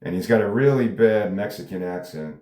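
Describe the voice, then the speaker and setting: A man reads a script aloud in a loose, casual way, dropping laughing asides. His voice is low and mellow. The recording has a roomy echo. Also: animated, normal speed. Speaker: script reader. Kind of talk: casual table read narration.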